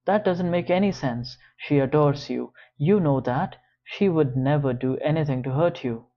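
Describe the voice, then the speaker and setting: A man's voice: fairly high pitch, normal speed, muffled recording, natural voice. A man reading an audiobook, voicing a defensive young college woman in a raised, strained, urgent voice. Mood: pleading.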